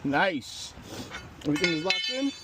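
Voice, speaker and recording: His voice sits high and moves at normal speed as he vlogs a tow, outdoors on a street and inside a pickup truck. He's winded but easygoing, talking to camera as he works and swearing casually, with faint street and vehicle sounds around.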